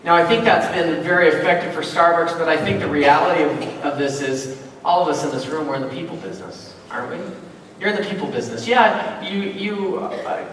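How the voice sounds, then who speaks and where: A man with a notably high voice delivers a motivational keynote from a convention stage, spinning anecdotes in a chatty, animated way. His voice carries a long, booming echo, as if picked up from far back in a large hall. A faint hum of room noise sits underneath. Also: fairly quick. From Utah, USA. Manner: animated storyteller, acts out dialogue, conversational asides. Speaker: keynote speaker.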